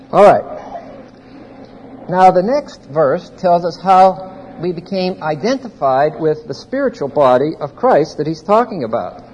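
Slow, high-voiced man teaching scripture. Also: slightly rough. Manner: explains grammar point by point, quizzes the audience. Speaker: Bible teacher. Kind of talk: expository Bible teaching to a live audience. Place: large hall with a live audience. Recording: reverberant hall, faint background noise.

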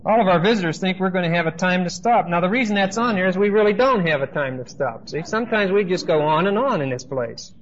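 Guy preaching verse by verse, kinda high voice, keeps saying okay?, dull old recording. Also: animated, fast talker, hardly any pauses, a little hiss or hum. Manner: conversational teaching, frequent "okay?" checks, asides to congregation. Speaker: pastor. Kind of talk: expository Bible teaching. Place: church service.

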